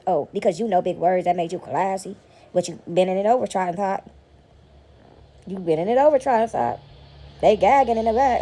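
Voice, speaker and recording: Woman, gravelly, husky, rambling casual commentary, repetitive, talks to viewers from home. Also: mid-range voice, expressive, fairly quick, dark tone. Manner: rambling and repetitive, slipping into mocking voices. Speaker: vlogger. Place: at home, sitting back among laundry.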